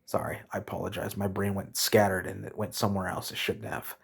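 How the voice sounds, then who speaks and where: A man with a low, husky voice rants to his camera, blunt and exasperated. He swears freely, stumbles, and stops to take back what he just said. His delivery is rambling and candid. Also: flat delivery, a little fast. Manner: frustrated, blunt, swearing, rambling with self-corrections. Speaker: vlogger.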